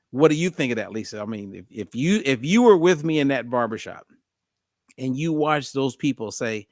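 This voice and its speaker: A man hosting a podcast, telling a story in a lively, conversational way. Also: medium pitch, no echo, clean studio sound. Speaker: podcast host.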